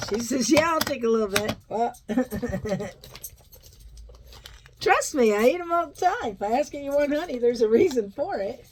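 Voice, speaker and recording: A middle-aged woman rambles through a casual vlog. Her voice sits a little high and leaps up and down with lively swings. She drifts between topics and slips into cooing baby talk for her dog. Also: vocal fry, a little hiss or hum, poor audio. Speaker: vlogger. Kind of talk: casual chat.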